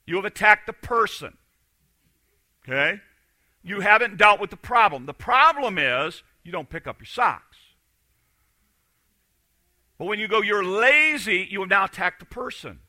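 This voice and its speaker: A man preaching a sermon as pastor, swinging between loud emphatic lines and quiet, confiding asides. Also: sits high, sing-song, a little slow, long pauses, no room sound.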